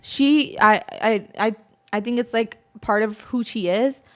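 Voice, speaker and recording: A young woman with a high, bright-sounding voice tells a personal story in casual podcast chat. She acts out what relatives said with lively, exaggerated voices, then drops back into plain, quieter storytelling. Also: a little slow. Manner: animated, quotes family members in exaggerated voices. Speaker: podcast host.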